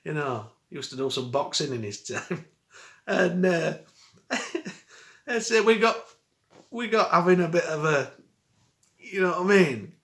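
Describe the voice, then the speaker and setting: A man's voice: on the high side, animated, a little slow, long pauses, a bit bright. A middle-aged man telling a rambling, chuckling story in dialect for his vlog. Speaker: vlogger. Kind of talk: casual storytelling. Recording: roomy echo.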